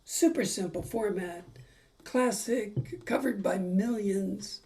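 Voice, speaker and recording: Slow-talking woman teaching ukulele chords. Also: medium pitch, mellow. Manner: chatty, sings along while calling out chords. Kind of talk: casual music lesson with singing.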